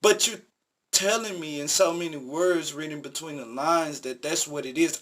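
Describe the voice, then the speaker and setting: A man's voice: fairly high pitch, moderate pace, fairly bright tone. A man vlogging, telling a personal story in an earnest, emphatic, repetitive way. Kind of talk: casual storytelling monologue.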